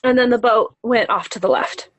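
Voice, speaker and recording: A woman tells of a vision in a casual, earnest way. She pauses to search for words and often restarts her sentences. Her voice sits fairly high, and the recording is close and dry with no room sound. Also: a bit bright, no echo, rough recording. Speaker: person sharing a vision. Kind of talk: casual spoken account.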